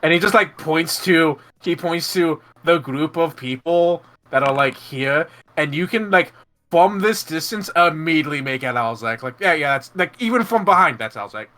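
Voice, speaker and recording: A man running a tabletop game, rambling and laughing as he narrates and slips into quick side characters. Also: on the high side, expressive, bright, forceful tone. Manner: rambling, laughing, lots of fillers and restarts. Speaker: game master. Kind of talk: narrating a tabletop game, voicing NPCs in passing.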